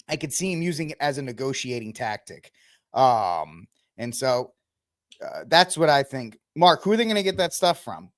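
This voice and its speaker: A male podcast host with a fairly high voice for a man riffs through the news on a casual commentary livestream, rambling loosely with lots of ums and self-corrections. The sound is dry and close, with no room sound.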